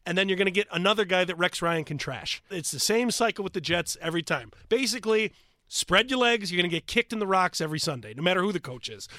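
A man's voice: high-pitched, sharp tone, dry recording. A man co-hosting a sports radio show, ranting bluntly and mockingly about football coaches. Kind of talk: casual sports talk banter.

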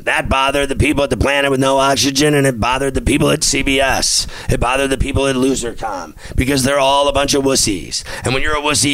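A man's voice: mid-range voice, fairly bright tone, clear, resonant tone, no room sound, rough recording. A man hosting a sports podcast, talking in a brash, boastful and mock-tough comedic monologue.

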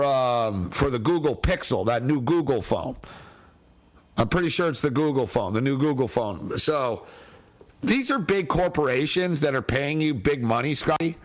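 A man hosting a casual sports talk show, chatty and slangy, laughing often between points. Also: on the high side.

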